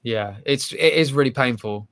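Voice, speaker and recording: Bright-voiced young man rambling. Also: mid-range voice, moderate pace. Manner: rambling, self-deprecating, many restarts. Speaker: stage actor guest. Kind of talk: casual interview chat.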